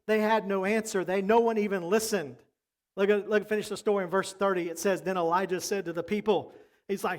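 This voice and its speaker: A man's voice: high-pitched, fairly even intonation, fast. A man preaching a sermon as pastor, talking emphatically and repeating his points.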